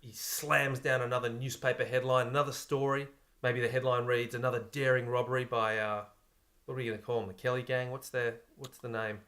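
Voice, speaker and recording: A man's voice: medium pitch, level tone, fairly quick, fairly bright tone. Guy, young, podcast co-host, laid-back storyteller with crude humor. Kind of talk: casual comedic chat, pitching a movie plot.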